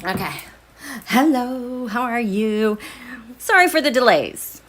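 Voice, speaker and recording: A middle-aged woman hosting a tarot and astrology livestream, chatty and excitable, a little out of breath, with stumbling restarts. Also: fairly high pitch, takes it slowly, slight background noise. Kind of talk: casual livestream chat.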